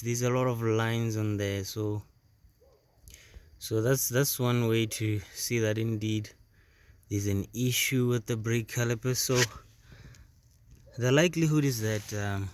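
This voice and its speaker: A man hosting a casual car repair video, explaining step by step in a halting way and repeating words as he works on a jacked-up car. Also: medium pitch, slight background noise. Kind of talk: casual how-to demonstration.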